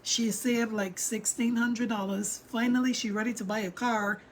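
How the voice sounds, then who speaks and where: A middle-aged woman tells a story to her viewers in a lively, emphatic way, speaking straight to them. Her voice sits a little high for a woman. She leans hard on her points as she goes. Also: moderate pace, a little hiss or hum. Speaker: vlogger.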